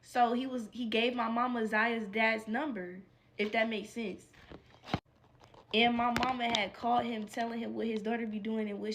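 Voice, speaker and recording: Young woman vlogger, slightly high voice, swears a lot, acts out each quote, casual storytime. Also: slight background noise. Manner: animated, profane, slangy, acts out quotes.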